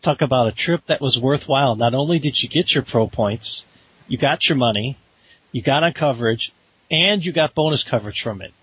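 A man's voice: mid-range voice, brisk, a bit bright, husky, dry recording. A man hosting a podcast interview, asking questions in a friendly, folksy way. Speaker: podcast host. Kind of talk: casual interview. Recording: dull lo-fi audio with faint hiss.

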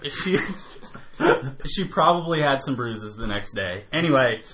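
A man's voice: mid-range voice, expressive, measured pace, a bit bright, a little hiss or hum. A man telling a long story in casual chat, swearing freely and laughing as he goes. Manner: profane, laughs often while telling. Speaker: podcast co-host telling a story.

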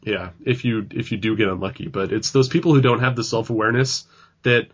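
A man's voice: fairly low pitch, fairly quick, breathy edge. A man co-hosting a podcast, talking casually and loosely, full of fillers. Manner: loose, filler-heavy talk with frequent "like". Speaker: podcast co-host. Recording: dull lo-fi sound.

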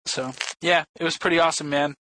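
A man telling a story in casual podcast chat, excitable and swearing freely. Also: on the high side, fast talker, dry recording, poor audio.

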